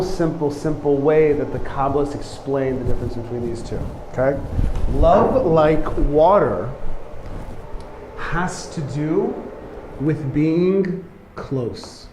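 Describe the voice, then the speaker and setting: A chatty man teaching a class, slightly higher-pitched than most men, who keeps repeating words and saying 'like'. The classroom is echoey, with a faint hiss behind him. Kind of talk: casual classroom lecture with storytelling. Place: seminary classroom.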